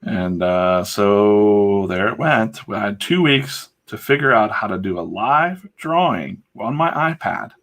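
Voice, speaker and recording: A man's voice: on the low side, expressive, unhurried, hardly any pauses, a bit bright. A man who livestreams himself drawing comics, telling a rambling, casual story full of fillers and asides. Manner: chatty, digressive, full of fillers.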